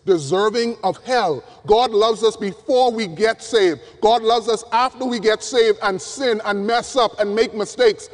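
A male preacher delivering an emphatic sermon from the pulpit, swinging from loud appeals down to hushed words. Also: high-pitched. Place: church pulpit. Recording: long reverb of a large hall.

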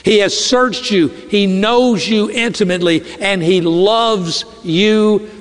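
Earnest preaching man in a reverberant hall. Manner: earnest preaching, slows and drops low on key phrases. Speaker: pastor. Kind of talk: sermon.

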